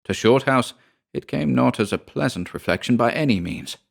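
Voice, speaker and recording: A man narrating a ghost story in a measured, deliberate way, as an audiobook narrator. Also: medium pitch, expressive, gravelly.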